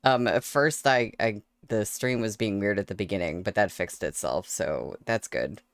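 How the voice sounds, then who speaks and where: A woman's voice: a bass voice, normal speed, no echo. A woman chatting casually on her livestream into a desk microphone, laughing often between words. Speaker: streamer reading novels aloud.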